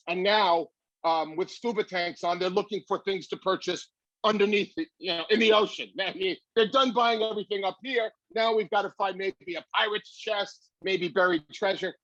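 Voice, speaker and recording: A comedian as a guest, telling a long story with animated delivery. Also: male voice, sits high, no room sound, muffled recording.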